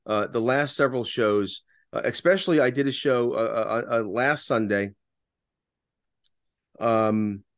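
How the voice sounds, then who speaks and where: A man's voice: mid-range voice, measured pace, long pauses, no echo, studio quality. A man co-hosting a political podcast, talking with passion and often restarting his sentences. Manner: repetitive restarts, impassioned. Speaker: radio talk show host.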